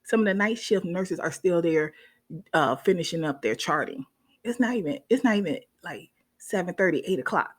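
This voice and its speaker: A woman, a nurse, telling a story casually to her viewers in an animated way, often checking in with them. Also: on the low side, normal speed, slightly rough.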